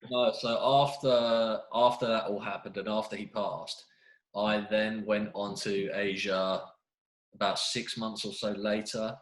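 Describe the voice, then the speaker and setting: A young man with a lower voice talks in a relaxed, storytelling way as a podcast guest. His voice carries a roomy echo, as if recorded in a bare room. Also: unhurried. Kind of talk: casual podcast chat.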